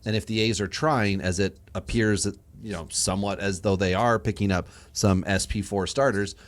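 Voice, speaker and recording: A man's voice: on the low side, fairly even intonation, normal speed. A man hosting a casual fantasy sports podcast. He drops dry one-liners and recaps rankings in order. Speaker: podcast host.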